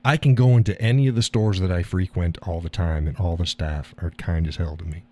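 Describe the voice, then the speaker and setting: A man's voice: low voice, steady tone, brisk, dark tone. A middle-aged man hosting a live stream, talking bluntly with profanity and frequent laughter. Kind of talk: casual monologue. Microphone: audio call or stream mic.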